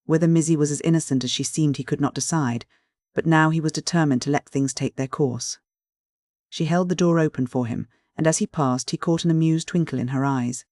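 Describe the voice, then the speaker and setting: Male audiobook narrator, steady literary reading, dry close mic. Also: a little high, fairly quick, dry recording.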